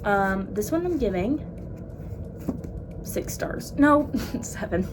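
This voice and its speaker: A woman book vlogger in casual chat, rambling and excitable with frequent laughs. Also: medium pitch, slow, noisy background.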